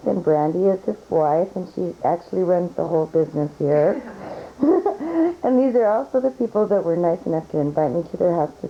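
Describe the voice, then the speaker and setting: A woman's voice: on the low side, slight background noise. A middle-aged mother who chats and laughs often as she introduces her coworkers to her children on video. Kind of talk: home video message. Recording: dull home camcorder sound.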